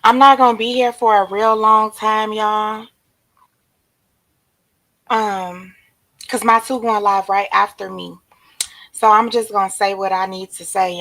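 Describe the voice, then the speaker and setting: Hoarse woman livestreaming with a gravelly voice. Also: mid-range voice, poor audio. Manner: relaxed, drawn-out shout-outs to commenters. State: hoarse, losing her voice. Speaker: livestream host. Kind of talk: casual livestream chat greeting viewers. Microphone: streaming setup.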